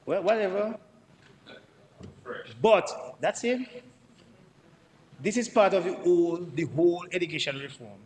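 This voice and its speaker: A man's voice: high voice, measured pace, pauses often, darkish tone, in a large hall, poor audio. A Dominican man, a member of parliament, giving an emphatic debate speech in the chamber and repeating himself for stress.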